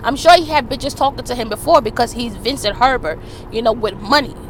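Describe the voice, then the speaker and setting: A woman vlogger, ranting loudly and profanely about celebrity gossip, filmed on a phone in a car in traffic. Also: a little high, brisk. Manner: loud, profane, fired-up ranting. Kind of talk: casual ranting commentary.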